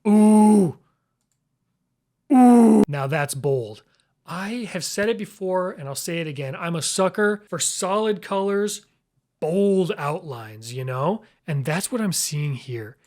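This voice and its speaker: Playful man ranking flags out loud. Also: on the high side, expressive, unhurried. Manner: playful, exclamatory, chuckles often. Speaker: YouTube host. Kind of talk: casual commentary ranking flags.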